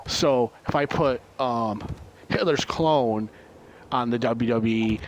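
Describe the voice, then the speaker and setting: A man's voice: mid-range voice, slow. A man casually spinning a rambling, profane story with many ums and uhs while he plays a game. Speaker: gamer.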